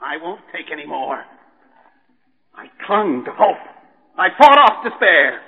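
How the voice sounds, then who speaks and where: A man's voice: on the high side, big pitch swings, unhurried. An actor playing a desperate, unhinged male chemist in a vintage radio drama, ranting and quoting scripture with stammers. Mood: ranting, despairing. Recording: tinny band-limited old recording, echoey.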